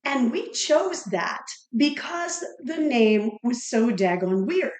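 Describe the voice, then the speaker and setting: A woman's voice: on the high side, animated, slow pace, a little mellow, reverberant. A woman co-hosting a home cooking show, reacting eagerly and explaining bits of food history. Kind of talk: casual cooking show chat. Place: home kitchen.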